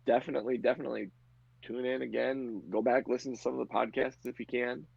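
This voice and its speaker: A man narrating a tabletop game as game master, relaxed and chatty. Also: mid-range voice, fast talker, gravelly, husky, no room sound. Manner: relaxed, chatty, laughs easily. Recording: lo-fi muffled audio.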